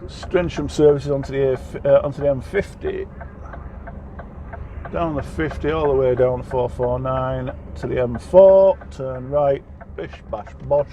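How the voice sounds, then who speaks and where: Male trucker vlogger from England, mid-pitched mellow voice, casual and rambling, light road noise. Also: unhurried. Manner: rambling, self-deprecating, many fillers and restarts. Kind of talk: casual vlog chat.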